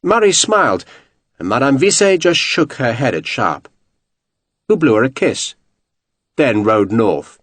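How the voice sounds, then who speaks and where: A man reading a historical novel aloud as audiobook narration, measured and expressive. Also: mid-range voice, dry recording.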